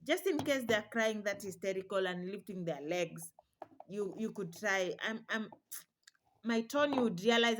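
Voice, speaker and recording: A woman's voice: mid-range voice, animated, moderate pace, background noise. A young woman vlogging casual advice to mothers, chatty and reassuring, now and then imitating baby cries. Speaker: parenting vlogger.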